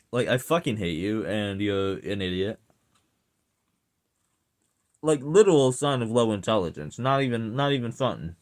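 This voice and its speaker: A man's voice: fairly low pitch, darkish tone. A young man giving a casual, profane rant to his audience, exasperated and sarcastic. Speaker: vlogger ranting.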